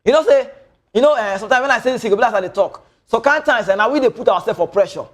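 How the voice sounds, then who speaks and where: A man's voice: very high-pitched, expressive, rapid-fire. A man with a Nigerian accent giving opinionated football news commentary, mixing Pidgin into his English as he rambles on. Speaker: sports news presenter.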